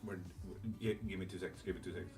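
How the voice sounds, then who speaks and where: A man's voice: low voice, fairly even intonation, racing, over music. A man running a live tarot stream, chatting casually with viewers and rambling with fillers and the odd swear. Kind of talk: casual live-stream chat reading comments.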